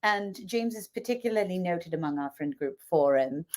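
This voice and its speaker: A woman's voice: on the low side, moderate pace. A woman co-hosting a live show, telling stories in casual chat and laughing often. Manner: animated storyteller, laughs often. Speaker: podcast co-host.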